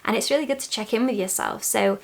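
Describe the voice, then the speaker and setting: Young woman chatting to camera at home, bit of creak in her voice, candid and chatty. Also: a little high, quick pace. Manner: chatty, candid, often laughing softly. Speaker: vlogger. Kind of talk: casual chat to camera. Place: bedroom at home.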